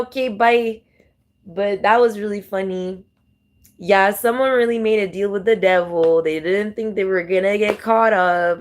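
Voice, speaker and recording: Giggly tarot lady chatting to her viewers, talks slow, keeps saying oh my gosh. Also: medium pitch. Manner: giggly, exclamatory, full of repeated exclamations. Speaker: tarot reader. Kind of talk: casual chat to camera.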